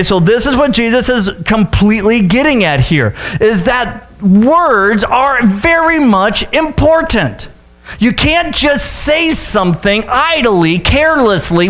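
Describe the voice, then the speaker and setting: A male pastor preaching a sermon in a casual, joking way, with sudden high-pitched outbursts. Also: lively intonation, measured pace, a bit bright.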